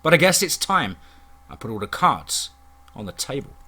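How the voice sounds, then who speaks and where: A man narrating a first-person horror story in a steady, dramatic storytelling manner. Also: mid-range voice, a little fast.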